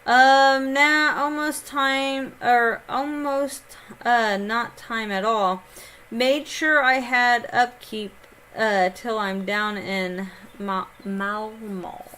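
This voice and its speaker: Bright, unhurried woman streamer. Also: on the high side, smooth. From Indiana, United States. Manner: chatty, reads chat aloud, laughs often. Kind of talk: casual live-stream chat while gaming.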